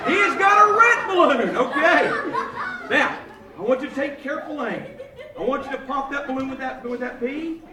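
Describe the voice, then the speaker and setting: A very high-voiced man hams it up as a children's entertainer, his pitch jumping all over as he jokes and teases the kids. He sounds distant in a big, echoey room, with a loud crowd of children behind him. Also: lively intonation, normal speed. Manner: playful, clowning, bantering with children. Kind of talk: live kids' show patter. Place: large indoor room at a library event. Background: noisy crowd of children.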